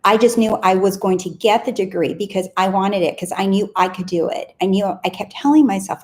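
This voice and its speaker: A woman in her thirties talks straight to her viewers as a success coach. Her pitch sits in the middle, and she speaks earnestly in a loose, casual way. She often stops to repeat short self-affirmations. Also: brisk, few pauses, darkish tone. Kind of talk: casual motivational talk to camera.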